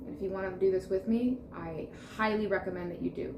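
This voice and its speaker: A woman's voice: medium pitch, steady tone, fast talker, hardly any pauses. A woman reading tarot to camera, speaking in a soothing, reassuring way and repeating affirmations. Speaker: tarot reader. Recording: roomy echo with faint background noise.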